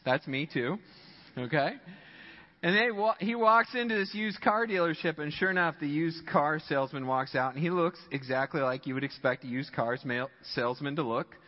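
A man preaching a sermon as pastor, telling a story in an animated way and laughing often, in a church sanctuary. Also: on the high side, moderate pace, big-room sound, highs cut off.

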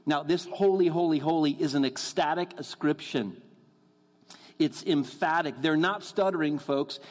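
A man's voice: a little high, a little mellow. Preaching man in a reverberant church. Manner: earnest, addresses the crowd as folks, slows down for emphasis. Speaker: guest preacher. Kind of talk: sermon. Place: church sanctuary. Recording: long hall reverb.

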